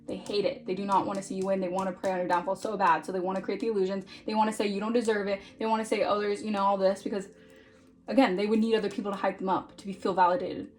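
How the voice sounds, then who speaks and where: A woman's voice: medium pitch, flat delivery, very fast, darkish tone. A woman giving a casual tarot reading in a chatty, informal way, often checking in with "all right?". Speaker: tarot reader.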